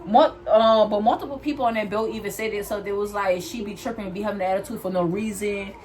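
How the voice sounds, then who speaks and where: A young woman vlogger telling a story in a loud, animated way while doing her hair, speaking straight to her viewers. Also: mid-range voice, fast. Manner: animated, talks straight to viewers, calls them "y'all"; loud, says she has a loud mouth.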